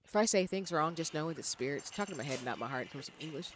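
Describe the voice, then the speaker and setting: A woman's voice: deep voice, expressive, fast, background noise. A woman streaming a game live, chatting in a playful, casual way and laughing at herself. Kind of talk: casual live gameplay commentary.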